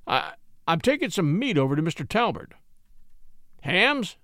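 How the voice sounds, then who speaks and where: A man's voice: fairly high pitch, sing-song, unhurried, a bit bright, no echo, clean studio sound, exaggerated voice. A man voicing a wary, flustered farmer in a storybook reading. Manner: drawling country speech, hesitant. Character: wary, flustered old farmer, plain spoken.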